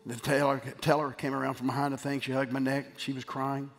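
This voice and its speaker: A man's voice: mid-range voice, little pitch movement, a little fast. Emphatic middle-aged man preaching in hall. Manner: emphatic preaching, swinging from loud to quiet. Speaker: pastor. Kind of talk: sermon. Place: church sanctuary. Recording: long hall reverb with faint music.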